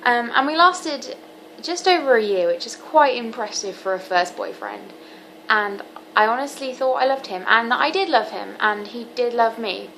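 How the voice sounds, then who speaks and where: A seventeen-year-old woman talking candidly to camera in a personal vlog, earnest and halting with frequent ums. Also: on the high side, expressive, bright, forceful tone, slight background noise, poor audio. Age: teens. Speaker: vlogger.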